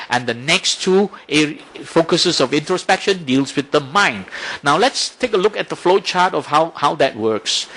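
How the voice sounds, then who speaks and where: Male dharma lecturer, bright and tense tone, explanatory. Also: on the high side. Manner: explanatory, asks rhetorical questions, frequent "right?". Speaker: Buddhist teacher.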